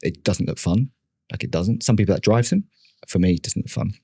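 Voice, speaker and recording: A man's voice: lowish voice, a little fast, gravelly, dark tone, breathy edge, no echo, clean studio sound. A man, a podcast guest speaking candidly and with self-deprecating humour as he tells his story, often restarting his sentences. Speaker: podcast guest, marketing leader.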